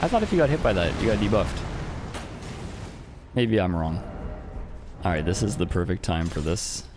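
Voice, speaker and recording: A man's voice: low voice, big pitch swings, moderate pace, a little mellow, soft background music. A man streaming an online game, giving casual commentary in a playful, teasing way with frequent chuckles.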